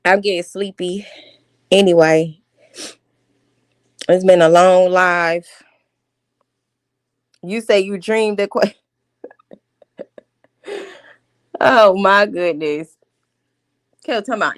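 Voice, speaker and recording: A woman's voice: medium pitch, slow pace, pauses often, fairly bright tone, no echo. Blunt woman livestreamer, dry close sound. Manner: blunt, confrontational, calls out with repeated questions. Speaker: livestream host. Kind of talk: casual livestream commentary.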